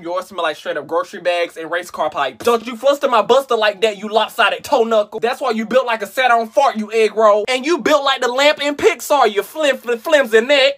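A man's voice: very high voice, a bit bright. A young man making comedy skits, trading exaggerated, playful insults. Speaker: comedy creator.

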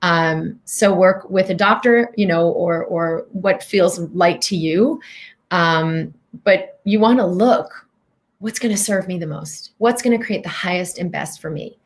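A woman's voice: lowish voice, measured pace. Earnest woman coaching on healing. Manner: earnest, coaching, guides breathing questions. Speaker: host, physician and healing coach. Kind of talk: motivational talk to viewers.

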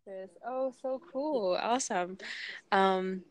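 Woman podcast host, mid-pitched, enthusiastic and conversational. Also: rough recording. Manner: enthusiastic, quick with praise. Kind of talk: casual interview conversation.

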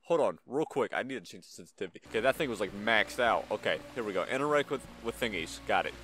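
A man gives excitable let's-play commentary, his pitch bouncing around lively. He sits at a close desk microphone, chatty and quick to react, and he talks back to the characters in the game. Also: a little hiss or hum. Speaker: gaming channel host.

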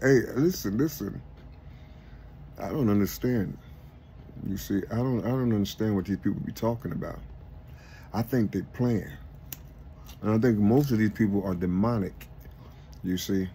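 Husky, low-pitched man, casual spiritual monologue host, rambling, preachy and repetitive. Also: a little mellow. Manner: rambling and preachy, repeating "you see", building to raised exclamations.

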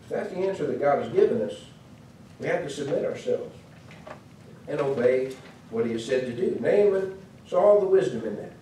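Slightly high with lively intonation and a warm tone, this Midwestern American preacher talks at normal speed, leaving long pauses amid slight background noise. In an echoey church hall, picked up by a distant mic, he tells a sermon lesson in a chatty storytelling way full of asides.

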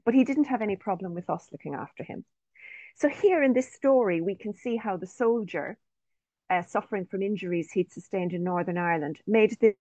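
A woman's voice: fairly low pitch, a little mellow, dry recording. A woman presenting interview research in an online talk, speaking carefully and reading participants' quotes aloud. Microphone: video call. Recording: dry, slightly dull online audio.

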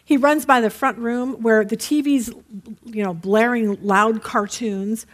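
A woman's voice: fairly high pitch, a little slow. A woman teaching a Bible study in a conversational way, telling stories and checking in with her listeners. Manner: chatty, checks in with listeners with "okay?"; lively storyteller.

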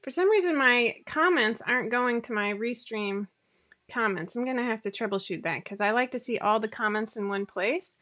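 A woman's voice: fairly high pitch, lively intonation, moderate pace, fairly bright tone. A woman in her thirties hosting a casual livestream from home on a webcam, chatty and rambling with lots of fillers and self-deprecating asides. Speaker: sewing pattern designer hosting a weekly live show. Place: home room.

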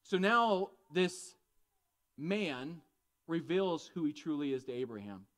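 A man preaching a conversational, animated sermon, often asking the congregation questions. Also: fairly high pitch, slow pace. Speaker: pastor.

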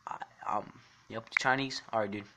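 A man livestreaming a shooter game, rambling and swearing as he reads and answers his chat in a jokey, excitable way. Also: on the low side, moderate pace, very noisy. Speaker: game streamer. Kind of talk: casual livestream commentary reading chat. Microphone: phone mic while gaming.

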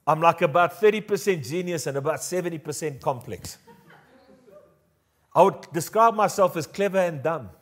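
A man with a South African accent preaching a sermon as pastor, animated and jokey, leading the congregation in call-and-response. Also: a little high, moderate pace.

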